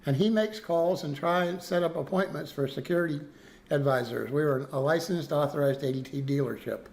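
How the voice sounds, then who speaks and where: A man's voice: on the high side, a little fast, vocal fry, a little mellow. A man casually telling a story to his chat, rambling with restarts and frequent "okay?" checks. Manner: rambling, lots of restarts and "okay?" tag questions.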